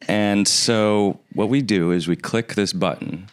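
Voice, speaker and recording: A man hosting a comedy chat show, teasing his guest in a dry way and reading aloud slowly. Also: lowish voice, very noisy.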